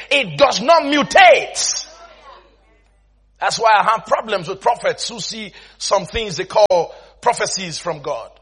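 A man preaching a sermon, telling a story with frequent laughter and emphatic shouts, repeating phrases for emphasis. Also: very high voice. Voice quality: laughs often while preaching, breaks into shouts.

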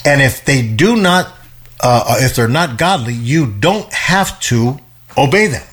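A man's voice: medium pitch, expressive, unhurried, fairly bright tone, husky. A man teaching a conversational Bible study, emphatic, often repeating words and acting out quotes as he retells stories.

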